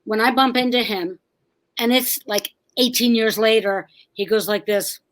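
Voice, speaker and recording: Funny storytelling lady from new jersey, dry jokes, voice a bit high. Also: poor audio. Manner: wry storyteller, quick jokes. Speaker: comedian and writer, guest. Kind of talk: casual interview chat.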